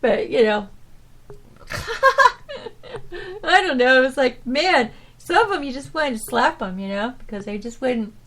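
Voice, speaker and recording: A woman hosting her own podcast, telling stories from her old job in a rambling, animated way, full of restarts and "you know"s. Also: high-pitched, takes it slowly. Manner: animated, swinging from loud to soft. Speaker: podcast host. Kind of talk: casual storytelling monologue.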